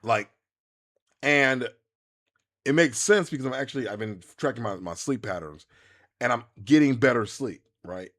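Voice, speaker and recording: A man, chatting casually to viewers while streaming a game, rambling and animated with many restarts. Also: mid-range voice, moderate pace, pauses often. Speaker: gaming streamer. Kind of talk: casual live-stream chat while playing.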